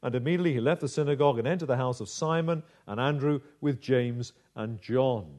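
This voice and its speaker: A man preaching a sermon in a dramatic, measured way, slowing down to stress key phrases. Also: mid-range voice, a little mellow. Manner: dramatic, measured delivery with slowed emphasis.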